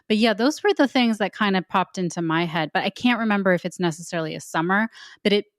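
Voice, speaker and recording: A woman co-host with a middle-pitched voice, telling chatty, rambling stories full of restarts. Her voice sounds dry and close to the mic. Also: lively intonation, fast, dry recording. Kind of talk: casual chat.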